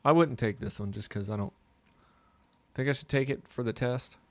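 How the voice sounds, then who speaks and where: A man with a mid-range voice co-hosting a casual chat. He talks in a loose, joking way, pausing and restarting as he thinks aloud. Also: medium pitch, no echo. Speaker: co-host.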